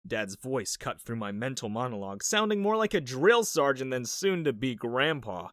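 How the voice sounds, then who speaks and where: A man's voice: medium pitch, sing-song, moderate pace, a bit bright, no room sound, studio quality. A young man narrating a first-person story in a wry, dramatic way, with sarcastic asides.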